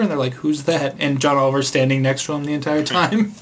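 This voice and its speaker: A man's voice: fairly high pitch, fairly even intonation, fast, slightly rough. A man co-hosting a podcast in casual chat, rambling and retelling funny clips in jumpy voices. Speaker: podcast co-host.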